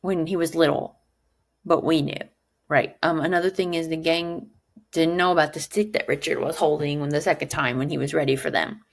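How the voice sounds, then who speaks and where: A woman teacher leads a lesson in a low, somewhat gravelly voice. She talks in an animated way and checks in with her class again and again. When she quotes someone she jumps up in pitch. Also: brisk. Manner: animated, asks rhetorical "right?" often; acts out quoted lines with sudden pitch jumps.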